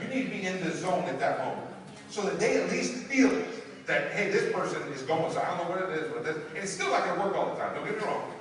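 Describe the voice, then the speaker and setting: A man giving an energetic motivational training talk, acting out quoted dialogue and shouting for emphasis. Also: high voice, slight background noise. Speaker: network marketing trainer. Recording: echoey hall from far off.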